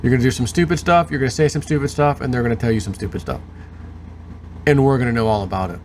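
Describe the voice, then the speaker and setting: A man's voice: mid-range voice, fast, a little hiss or hum. A man hosting his show, reading news aloud and breaking off into sarcastic commentary. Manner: reads aloud, then adds sarcastic asides. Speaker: host.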